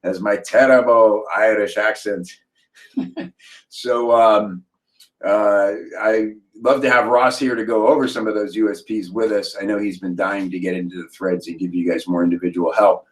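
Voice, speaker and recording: A man hosting a live group call, talking in a casual, upbeat, rambling way with many fillers and restarts. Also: deep voice. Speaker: host of a copywriting members' call.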